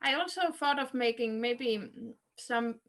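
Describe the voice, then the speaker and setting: A woman's voice: a little high, unhurried, fairly bright tone. A woman guest on a podcast over a video call, answering hesitantly with many restarts and fillers. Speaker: guest cartoonist. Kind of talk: interview answers.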